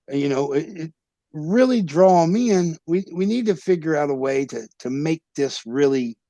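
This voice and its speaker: Gravelly man telling stories. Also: medium pitch, dry recording. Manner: animated, acts out quoted voices, swears freely. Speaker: wrestler guest. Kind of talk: casual storytelling interview.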